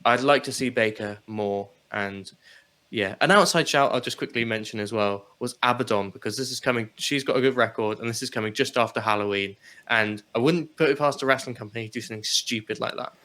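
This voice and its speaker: A man co-hosting a casual wrestling talk show, animated and quick to laugh and swear. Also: mid-range voice. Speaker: podcast co-host.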